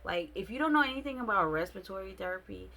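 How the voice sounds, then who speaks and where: A young adult woman vlogging a casual storytime, expressive and slangy, with many fillers. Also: medium pitch, fast, gravelly.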